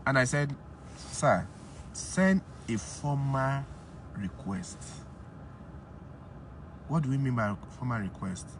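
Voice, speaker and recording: A man giving an emphatic, animated casual monologue as a commentator. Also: slow pace, long pauses, slight background noise. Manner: emphatic, rises high when indignant.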